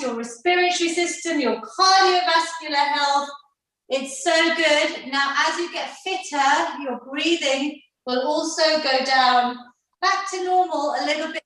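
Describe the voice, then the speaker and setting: A woman's voice: high-pitched, a bit bright. A woman fitness instructor leading an online workout class, upbeat and encouraging, counting down the reps. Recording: very echoey room, mic far off.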